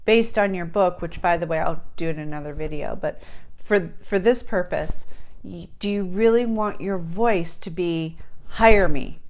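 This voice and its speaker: A woman's voice: fairly low pitch, moderate pace, darkish tone. A woman talking casually to camera as a book writing coach, chatty and earnest, with fillers and restarts.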